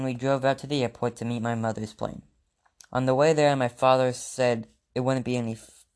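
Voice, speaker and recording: A man's voice: medium pitch, vocal fry, darkish tone. A man reading a children's book aloud to his class as a teacher, in a plain manner with small restarts.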